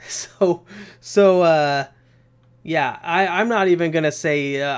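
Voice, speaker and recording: A young man hosting a live Q&A stream talks in a loose, rambling way. His voice sits somewhat high for a man. He sounds energetic and swears casually as he goes. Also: unhurried.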